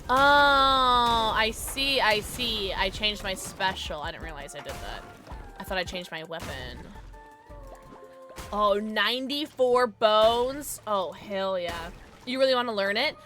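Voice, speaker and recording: Young woman game streamer, chatty and giggly, bright and animated delivery, soft music behind. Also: medium pitch, slow. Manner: chatty, bubbly, laughs often, reads chat aloud. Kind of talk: casual gaming livestream chat.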